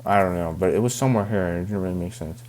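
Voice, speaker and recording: A man's voice: deep voice, very fast, darkish tone, a little hiss or hum. A young man reading a novel aloud and stopping to puzzle over words, muttering, cursing and dropping into whispers. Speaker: reader.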